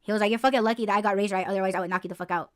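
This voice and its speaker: A woman's voice: mid-range voice, rapid-fire, clean tone. A woman co-hosting a podcast, telling stories in casual chat, full of swearing and filler words. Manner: animated storytelling, heavy swearing and "like" fillers. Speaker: podcast co-host.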